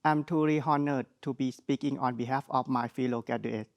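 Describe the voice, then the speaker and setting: A young man with a Thai accent delivers a graduation speech on behalf of his classmates. His tone is earnest and his phrasing shows English is not his first language. His voice sits at an ordinary middle pitch. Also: fairly even intonation, moderate pace, lo-fi sound. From Thailand. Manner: earnest, with non-native phrasing. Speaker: graduate speaker.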